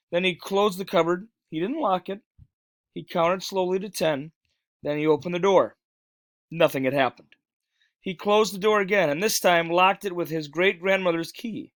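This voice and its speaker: A man reading a children's novel aloud in a steady, plain manner with small stumbles. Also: high-pitched, dry recording. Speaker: reader. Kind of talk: storybook read-aloud.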